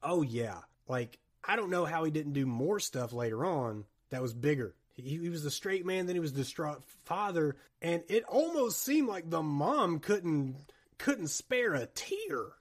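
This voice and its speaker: A man hosting a podcast, chatting about a horror film in a rambling, jokey, animated way. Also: on the high side, unhurried. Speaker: podcast host. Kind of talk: casual movie chat.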